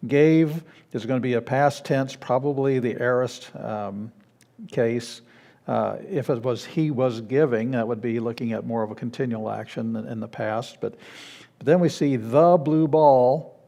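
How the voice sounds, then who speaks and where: A man's voice: medium pitch, measured pace, gravelly, dark tone. A man teaching a beginners' Greek class in a church classroom, explaining patiently with frequent restarts and fillers. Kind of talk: classroom lecture.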